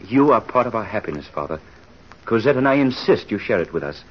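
An actor playing an earnest, gentle young husband in an old-time radio drama, speaking earnestly. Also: male voice, on the low side, big pitch swings, fairly quick, lo-fi sound, a little hiss or hum. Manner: earnest, stammering when shaken.

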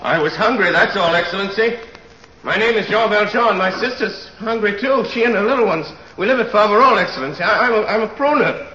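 A man's voice: high voice, brisk, sharp tone, echoey room, big-room sound, highs cut off. An actor playing a desperate young peasant pleading in court in an old-time radio drama, stammering as he begs.

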